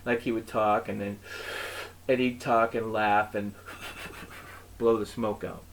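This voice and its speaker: A man hosting his own show, telling a comic story in an animated, exasperated way and acting out the people in it. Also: fairly low pitch, takes it slowly. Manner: animated, exasperated retelling with acted-out quotes. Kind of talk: comedic storytelling monologue.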